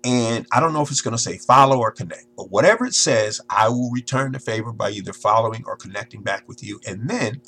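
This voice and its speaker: Husky-voiced man hosting a podcast. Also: mid-range voice, brisk, hardly any pauses, sharp tone. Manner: salesman-like, emphatic, addresses listeners directly. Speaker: podcast host. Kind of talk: marketing podcast monologue.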